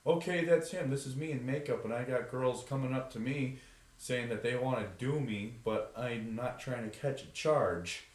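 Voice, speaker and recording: A man's voice: mid-range voice, normal speed, a little mellow. A young man co-hosting a podcast who tells stories casually and animatedly, acting out the voices of the people he quotes. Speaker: podcast co-host. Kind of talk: casual storytelling. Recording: roomy echo.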